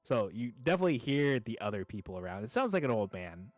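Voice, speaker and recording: A man's voice: medium pitch, sing-song, fast talker, no echo. A young man running a tabletop game as dungeon master, rambling through his narration with many fillers and restarts.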